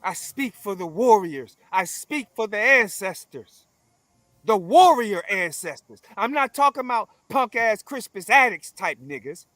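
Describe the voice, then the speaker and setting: Interview guest, male, high and bright, forceful and profane, builds phrases like a preacher. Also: very animated, unhurried, no echo. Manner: forceful, emphatic, preaching cadence with repeated phrases; profane, blunt. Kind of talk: confrontational conversational interview.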